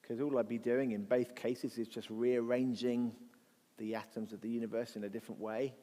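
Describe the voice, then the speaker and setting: A man of mid pitch gives an apologetics talk to a gathered audience, thinking aloud with rhetorical questions and the odd restart. His conversational voice carries the long reverb of a large church hall. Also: little pitch movement, moderate pace, warm tone. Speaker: guest speaker at a church event.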